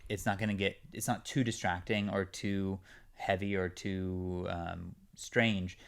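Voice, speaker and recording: A young man from California talks as a guest on a casual podcast. His voice is smooth and resonant, sitting a little low. He rambles and leans on fillers. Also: flat delivery, measured pace. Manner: rambling, many fillers, chatty. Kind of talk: casual interview chat.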